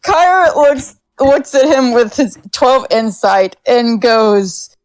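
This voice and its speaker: Lively, animated woman game master, fairly high. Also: takes it slowly, poor audio. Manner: laughing, lively. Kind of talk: narrating a tabletop game.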